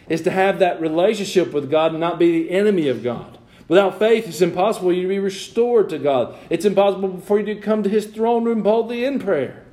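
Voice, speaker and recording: A man preaching in church. His voice sits a little high, and he swings between emphatic declarations and relaxed, joking asides to the congregation. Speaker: pastor. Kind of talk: sermon.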